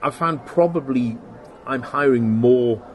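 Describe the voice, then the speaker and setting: A middle-aged man in a casual interview, telling stories about his workshop in an animated way and acting out the exchanges he quotes, laughing often. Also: medium pitch, measured pace, music in the background. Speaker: guest, special effects workshop owner.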